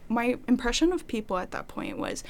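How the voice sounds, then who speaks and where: A young woman tells her faith story in a casual, rambling conversation, packed with "like" and often acting out what she used to think. Her voice is on the high side, fairly quick and creaky, with wildly swooping pitch.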